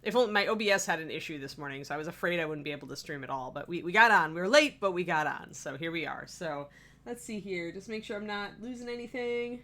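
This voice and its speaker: A woman's voice: lowish voice, animated, fast, fairly bright tone. A sleepy woman chatting casually while she livestreams her miniature painting, rambling and laughing often. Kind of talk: casual live-stream chat. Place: home streaming room.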